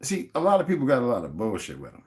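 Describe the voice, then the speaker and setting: A man's voice: mid-range voice, huge pitch swings, racing, a little mellow. A man hosting a livestream, ranting in a heated, profane way and greeting viewers from the chat. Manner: greets viewers and reads their chat comments aloud. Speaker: livestream host. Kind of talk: unscripted livestream rant.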